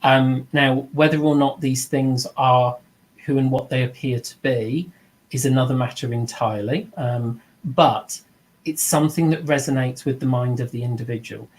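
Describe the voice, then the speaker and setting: A man's voice: medium pitch, steady tone, moderate pace, poor audio. A middle-aged man giving an informal spoken lesson as a mediumship teacher, earnest and reflective, slipping into the voices of people he quotes.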